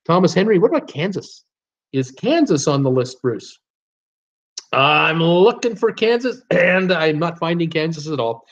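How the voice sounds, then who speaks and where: A man's voice: on the high side, expressive, measured pace. A middle-aged Canadian man hosting a live trivia stream, chatty and jokey as he reads out viewers' names and their guesses. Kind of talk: live stream chat, reading viewer answers. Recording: dull lo-fi stream audio.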